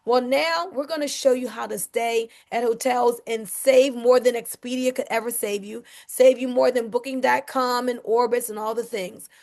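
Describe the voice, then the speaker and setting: High, gravelly-voiced woman pitching to a crowd. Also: normal speed, few pauses. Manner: energetic, talks to the audience. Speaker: presenter. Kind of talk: sales presentation.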